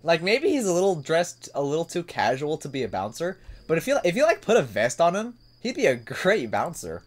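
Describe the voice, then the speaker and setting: A man's voice: on the high side, huge pitch swings, brisk. Laid-back man chatting over a game. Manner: laid-back, chuckling, talks to viewers while reading a visual novel. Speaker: gaming video host. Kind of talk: casual let's-play commentary.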